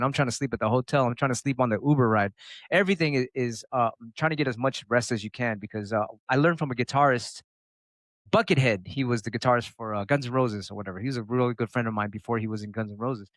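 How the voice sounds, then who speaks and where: Speaking at medium pitch with no echo, a middle-aged turntablist from the United States chats as an interview guest. He's profane and animated, acting out quotes as he goes.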